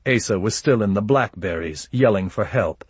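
A man reading a first-person audiobook in a measured, grave manner. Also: fairly low pitch, lively intonation, husky, dry recording. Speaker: audiobook narrator.

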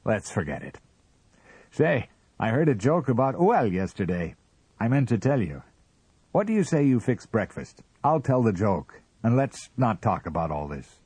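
A man's voice: lowish voice, very animated, moderate pace, a little mellow, slightly rough, no echo, voice pushed up. A man reading the part of a jealous, tense husband, speaking sharply and demanding answers. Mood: forced cheer. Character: jealous, tense husband, rigid and bad-tempered.

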